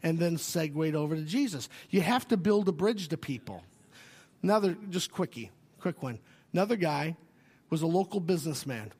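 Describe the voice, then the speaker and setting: A man, a pastor preaching a sermon, telling stories with swings from loud and animated to quiet and hushed. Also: fairly high pitch, breathy edge. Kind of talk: sermon with storytelling. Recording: long hall reverb.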